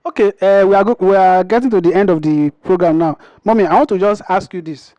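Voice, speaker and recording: A man's voice: high-pitched, fast, dark tone, dry recording, highs cut off. A man hosting an interview, prompting his guests with short affirmations and questions. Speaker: interview host. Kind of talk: interview chat.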